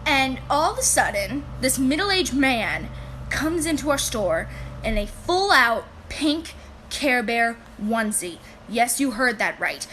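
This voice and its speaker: Bright high-voiced woman laughing through funny work stories, super animated. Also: takes it slowly, slight background noise. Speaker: retail store employee. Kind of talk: casual storytelling to camera.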